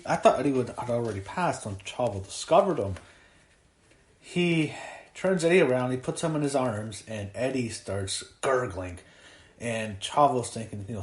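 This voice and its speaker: A young man giving a casual spoken review, halting and full of fillers and restarts, audibly moved by what he describes. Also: medium pitch.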